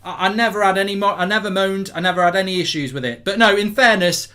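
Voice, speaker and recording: A middle-aged man from England hosting a live football watchalong, talking excitedly and breaking into chants and songs. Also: sits high, fast. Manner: exuberant, chanting and singing between rants. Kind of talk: excited live match reaction.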